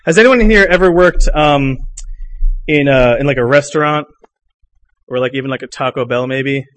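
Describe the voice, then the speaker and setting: A young man performing spoken word poetry for a live audience, moving between loud declamation and hushed lines, and bantering loosely between poems. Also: medium pitch, normal speed.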